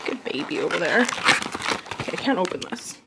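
A woman's voice: lowish voice, expressive, moderate pace, gravelly, very noisy. A young woman vlogging casually, muttering to herself as she unboxes things and cooing at her cats. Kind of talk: casual vlog chat.

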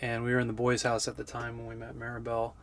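A man's voice: mid-range voice, monotone, fast talker, gravelly. A man in his thirties hosting a casual travel vlog outdoors, joking and talking straight to the camera. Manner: easygoing, jokey, talks to the camera. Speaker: vlog host. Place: outdoors on city streets.

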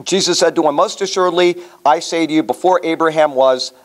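A man's voice: a little high, fairly quick. A man leading a Bible study class in a conversational way, asking the class questions as he teaches. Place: room with a small class.

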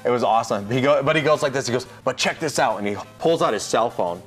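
Excitable male show host. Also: mid-range voice, fast, soft background music. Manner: excitable, acts out others' voices in his stories. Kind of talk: casual storytelling to camera.

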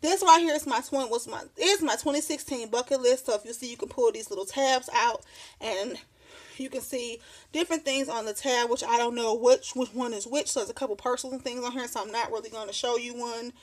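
Brisk and fairly high-pitched, a craft vlogger in her thirties talks casually through a show-and-tell from her home desk. She tends to ramble, laughs frequently, and sounds a little out of breath.

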